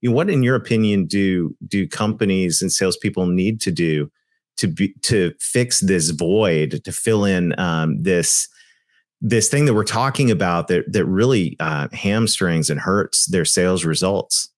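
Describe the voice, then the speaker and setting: A man's voice: deep voice, a little slow, dry recording, clean studio sound. A man co-hosting a podcast, talking earnestly and emphatically with loose asides. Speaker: podcast co-host. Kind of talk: conversational podcast discussion.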